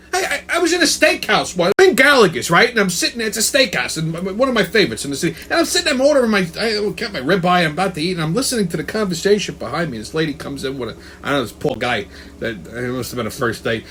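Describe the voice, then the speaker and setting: High-voiced profane ranting man. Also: animated, fast, sharp tone, a little hiss or hum. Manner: profane, emphatic, repeats words. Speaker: host. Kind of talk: comedic rant to camera.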